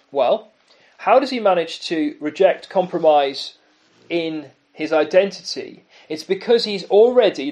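A man preaching a sermon, emphatic and full of rhetorical questions and dramatic pauses. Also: sits high.

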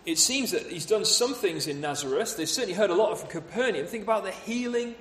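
A man's voice: sits high, lively intonation, brisk, fairly bright tone, a little hiss or hum. Man preaching a sermon, asking rhetorical questions, echoey room, faint background ambience. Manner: expository, rhetorical questions, acts out voices of townspeople.

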